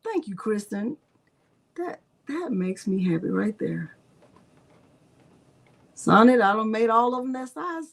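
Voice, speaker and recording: A craft channel host with a fairly high, creaky voice speaks slowly and very animatedly, pausing often. During her casual live crafting tutorial she describes every click, answers the chat, and sometimes murmurs to herself.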